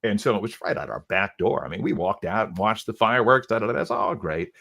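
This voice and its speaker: Low-voiced man telling a story. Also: lively intonation, fast talker, vocal fry, fairly bright tone. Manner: retells quotes with many "he goes", restarts. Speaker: radio host. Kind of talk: casual storytelling.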